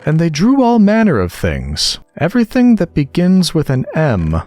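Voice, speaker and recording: A man's voice: on the high side, huge pitch swings, normal speed, a little mellow, pitched above the performer's own voice. A man voicing a sleepy, touchy male dormouse in an audiobook, drowsy and sulky as he tells a tale. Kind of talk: audiobook character voice.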